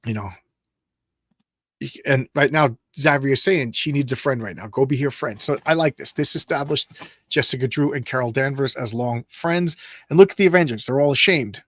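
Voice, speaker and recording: A man casually reading a comic aloud and commenting on it, halting and rambling with many restarts, lifting his voice a little for speech balloons. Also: medium pitch, fairly bright tone, no echo. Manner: reads speech balloons aloud in a lightly raised voice. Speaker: comic book show host.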